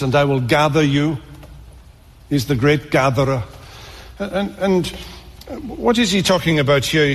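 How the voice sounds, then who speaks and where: Male preacher, slightly high voice, earnest sermon with halting restarts, echoing church hall. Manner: earnest, repeats words and stammers on restarts. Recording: long reverb of a large hall.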